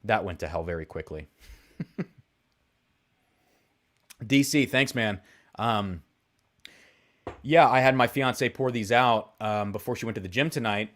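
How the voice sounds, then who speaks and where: Rambling low-voiced man tasting whiskey live. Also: measured pace, long pauses, fairly bright tone. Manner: rambling, self-deprecating, thinks aloud with many fillers. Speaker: whiskey livestream host. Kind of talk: casual live-stream chat.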